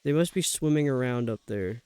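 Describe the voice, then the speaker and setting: A man's voice: mid-range voice, lively intonation, a little fast, dark tone, smooth, no echo. A man streaming a video game live, talking to himself and his viewers in a grumbling, exasperated way. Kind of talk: live gameplay commentary.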